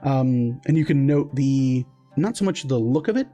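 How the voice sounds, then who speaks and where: A man's voice: medium pitch, expressive, normal speed, dark tone, soft background music. A man narrating as game master of a tabletop game, casual with lots of fillers and restarts.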